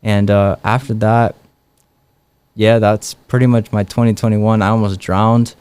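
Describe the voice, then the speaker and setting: Smooth-voiced young man telling stories. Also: lowish voice, measured pace, dry recording. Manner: relaxed, many fillers like "like" and "um". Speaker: guest. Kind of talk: casual storytelling interview.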